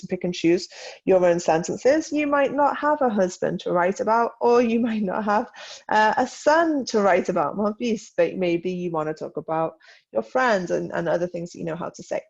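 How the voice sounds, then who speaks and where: A woman who speaks natively, teaching French in a recorded online lesson, slow and deliberate as she models each sentence. Her voice sits on the low side with a gravelly fry. The audio is dull and lo-fi. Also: darkish tone. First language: English.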